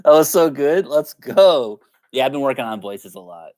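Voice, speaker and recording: A man's voice: medium pitch, lively intonation, moderate pace, a little mellow. Giggly man chatting on a live stream. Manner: giggly, keeps breaking into laughter; playful, chatty with viewers. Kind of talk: casual live-stream chat.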